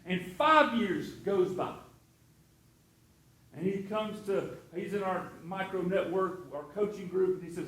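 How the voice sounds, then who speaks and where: A man's voice: high voice, a little slow, a bit bright, reverberant, low-quality recording. A middle-aged man preaching a sermon, telling stories in a conversational way, full of restarts and asides. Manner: storytelling, conversational with many restarts. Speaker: pastor.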